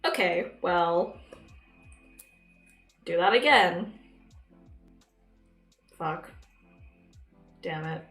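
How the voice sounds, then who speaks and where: Slow, rambling woman streamer. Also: fairly low pitch, expressive, a bit bright. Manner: rambling, sarcastic asides. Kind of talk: casual chat while drawing. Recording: roomy with faint music.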